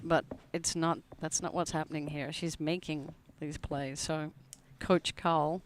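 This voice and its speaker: A woman giving live sports commentary on a match, analytical and quick to laugh. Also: deep voice, steady tone, slight background noise. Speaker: platform tennis commentator.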